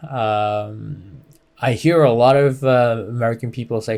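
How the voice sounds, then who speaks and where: A man's voice: mid-range voice, steady tone, moderate pace, a little mellow. A man teaching a beginner language lesson, explaining patiently with many fillers and modeling phrases for the listener to repeat.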